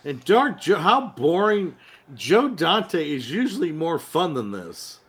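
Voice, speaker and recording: A man's voice: on the high side, sing-song, slow pace, a bit bright, breathy edge. A man co-hosting a podcast, joking crudely in casual chat. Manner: crude, joking, laughs a lot. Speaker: podcast co-host.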